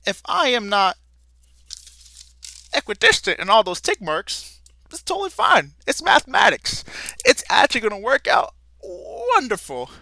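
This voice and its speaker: A man's voice: sits high, huge pitch swings, a little slow, bright, forceful tone, dry recording, heavily acted. A man putting on a hammy frontiersman. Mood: folksy, cheerful. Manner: folksy, hammy, calls listeners "folks". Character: folksy cheerful frontiersman guest, adult man.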